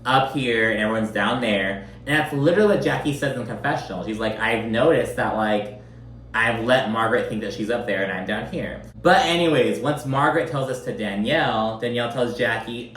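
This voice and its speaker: A man giving a casual, animated recap, swearing often and acting out quotes in mocking voices. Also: medium pitch, brisk, reverberant. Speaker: recap commentator. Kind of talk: casual reality-show recap.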